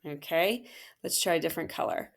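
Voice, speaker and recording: Woman teacher, low gravelly voice, slow and patient, phonics walkthrough. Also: expressive. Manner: patient, encouraging, sounds out words slowly.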